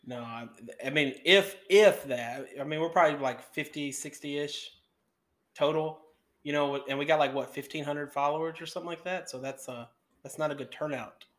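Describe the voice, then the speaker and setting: A young man co-hosting in easygoing podcast chat. He talks hesitantly and often restarts with repeated words, in a voice that sits a little high for a man. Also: moderate pace, a bit bright. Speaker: podcast co-host. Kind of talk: casual chat.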